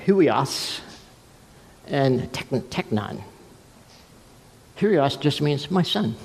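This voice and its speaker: A man preaching a sermon as pastor, telling stories and acting out voices with big swings in pitch and pace. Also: lively intonation, extremely slow, vocal fry, a little mellow. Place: church sanctuary. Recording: long church hall reverb.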